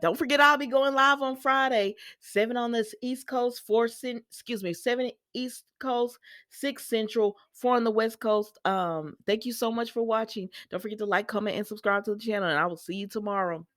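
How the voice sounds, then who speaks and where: A woman's voice: on the high side, moderate pace, dry recording, clean studio sound. A woman, recapping a soap opera in casual talk, acting out the quotes and laughing often. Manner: animated, acts out quotes in lively voices, laughs often.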